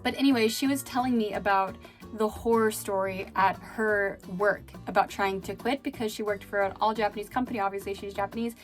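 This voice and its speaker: A former chat host turned vlogger tells stories in a casual vlog, chatting away with plenty of fillers and the occasional laugh. Her mid-range voice moves briskly with fairly even intonation, and soft music plays in the background.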